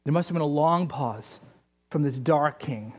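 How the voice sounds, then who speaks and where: A male pastor with a high-pitched voice, preaching. He retells a story with humorous asides. His delivery is lively storytelling. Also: normal speed, faint music behind. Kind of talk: sermon.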